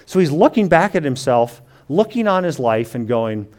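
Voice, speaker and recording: A man teaching a sermon, reading scripture slowly and quietly, then explaining it in his own words with frequent restarts and paraphrased quotes. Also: fairly high pitch, big pitch swings. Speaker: preacher.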